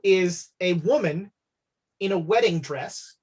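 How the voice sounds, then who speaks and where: Game master, woman, husky low voice, halting narration full of ums. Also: darkish tone. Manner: hesitant, many fillers.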